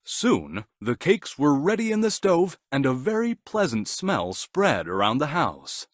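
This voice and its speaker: A man narrates a scripted bedtime story for children with gentle, animated storytelling. His voice sits slightly high and rises and falls very widely. The sound is dry and close. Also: unhurried, no room sound.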